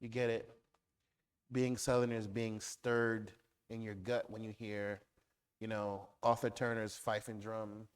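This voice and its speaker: A man speaking as a guest author in a public conversation, riffing through animated lists. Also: fairly low pitch, slow pace, smooth.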